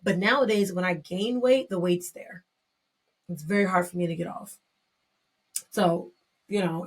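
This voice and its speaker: A young adult woman hosting a podcast, reflecting candidly and emotionally in a personal monologue, often restarting her sentences and breaking into excited bursts. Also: on the low side, moderate pace, pauses often, slightly rough. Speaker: podcast host.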